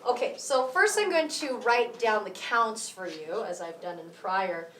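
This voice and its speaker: A woman's voice: medium pitch, animated, a little slow, a bit bright, slight background noise. A woman explaining rhythm in a drum lesson at a cultural center, counting beats aloud in a friendly way. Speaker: music teacher. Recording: roomy echo, mic far off.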